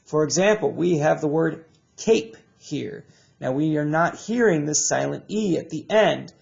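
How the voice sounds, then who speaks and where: A man teaching a recorded reading lesson to children, drilling sounds and words in slow call-and-response. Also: fairly high pitch, gravelly, a little mellow, highs cut off.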